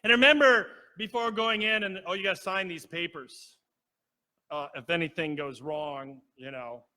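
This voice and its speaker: A man's voice: high-pitched, normal speed, sharp tone. A man giving a conversational sermon, telling a personal story and speaking directly to the congregation. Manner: storytelling, acts out quoted voices, asks the congregation. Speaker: preacher. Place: church sanctuary.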